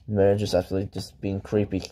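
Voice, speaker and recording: A man calling a wrestling match play by play, excitable, shouting in bursts and swearing. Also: lowish voice, slight background noise. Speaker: wrestling commentator.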